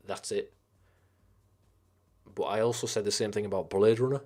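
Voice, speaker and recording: Low-voiced man ranting casually about films. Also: fairly even intonation, normal speed, mellow. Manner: swearing, rambling, enthusiastic about films. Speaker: streamer. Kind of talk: casual live-stream chat.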